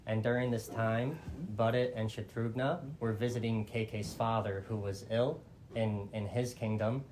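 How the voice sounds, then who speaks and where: A man's voice: lowish voice, level tone, moderate pace, a little mellow, a little hiss or hum. A man telling an old epic in a casual, chatty way, full of fillers like "like" and small restarts. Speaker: storyteller. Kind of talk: casual oral storytelling.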